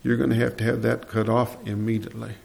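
A preacher doing a quiet, kindly doctor. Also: male voice, lowish voice, little pitch movement, quick pace, creaky, voice pushed down. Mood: grave. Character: calm, kindly middle-aged male doctor.

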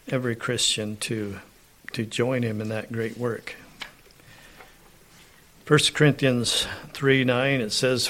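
A man delivers a sermon at a slow, deliberate pace, and his pitch sits in the middle range. He often pauses to clear his throat. When he reads scripture aloud, his emphasis builds. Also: fairly bright tone, a little hiss or hum. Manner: slow, unhurried preaching with frequent throat clearing. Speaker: preacher.

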